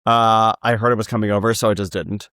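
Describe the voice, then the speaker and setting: A man guesting on a podcast, chatting about musicals in an animated, joking way. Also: on the low side, quick pace, no echo, clean studio sound. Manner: animated, joking, slips into impressions. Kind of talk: casual chat about musicals.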